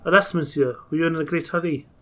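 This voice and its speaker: A man's voice: on the high side, fast talker, sharp tone. A man voicing a polite young French valet in a put-on French accent, reading a story game aloud. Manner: polite, deferential.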